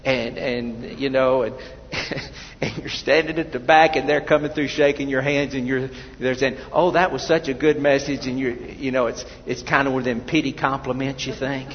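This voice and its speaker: Pastor preaching in an echoey church. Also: male voice, mid-range voice, steady tone, moderate pace, dull audio, a little hiss or hum. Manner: conversational preaching with personal stories and repeated restarts. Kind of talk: sermon.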